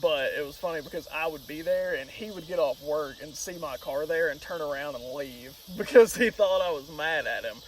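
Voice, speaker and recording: A man on a podcast telling casual, profane, animated stories. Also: fairly high pitch, normal speed, few pauses, recorded from a distance, a crowd in the background, low-quality recording. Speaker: podcast co-host. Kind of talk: casual storytelling chat.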